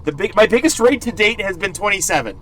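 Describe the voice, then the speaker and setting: A man streaming a game live, his voice fairly high and bright, drawling out his words slowly. He rambles excitedly and laughs a lot, with faint noise in the background. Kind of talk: live gameplay stream chat.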